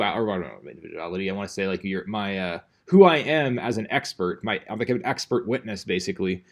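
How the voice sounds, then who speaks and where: A man's voice: on the low side, a little mellow. A male teacher giving a casual classroom lecture, rambling and conversational, full of fillers and restarts.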